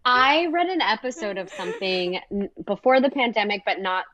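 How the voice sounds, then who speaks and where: A woman co-hosting a podcast, chatting casually and animatedly, laughing and jumping into high exclamations. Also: expressive, normal speed, a bit bright. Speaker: podcast co-host.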